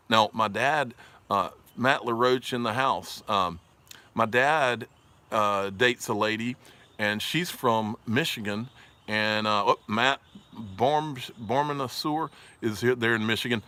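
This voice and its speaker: A man's voice: medium pitch, takes it slowly, bright, forceful tone. A man with a Southern US accent hosting a casual livestream, rambling, joking, laughing often and reading viewer comments aloud. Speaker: livestream host.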